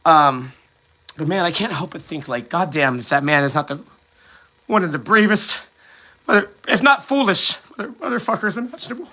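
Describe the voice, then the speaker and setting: A man's voice: a little high, expressive, moderate pace, long pauses, bright, forceful tone. A man from the United States hosting a solo monologue, impassioned and rambling, swearing often and restarting his sentences. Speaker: host.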